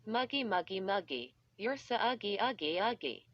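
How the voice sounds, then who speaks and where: A woman's voice: mid-range voice, very animated, normal speed, no room sound. A woman's voice, likely synthetic, reading a bratty little girl who taunts in a sing-song. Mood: taunting. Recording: dull lo-fi.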